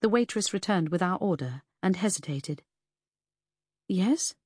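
A woman reading a first-person novel aloud in a measured, even storytelling way. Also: fairly low pitch, no room sound, clean studio sound. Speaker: audiobook narrator. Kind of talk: scripted first-person narration.

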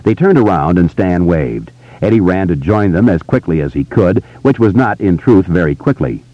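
A man narrating an audiobook in a measured, tense storytelling manner. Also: low-pitched, lively intonation, dry recording, lo-fi sound. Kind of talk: scripted narration.

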